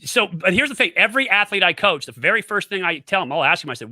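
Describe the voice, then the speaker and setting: A man's voice: high voice, big pitch swings, fast talker, hardly any pauses, bright, forceful tone, no echo, studio quality. A middle-aged man, a former quarterback and coach, speaking as a guest who makes emphatic points and tells stories. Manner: emphatic, repeats points, storytelling. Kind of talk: casual interview, coaching talk.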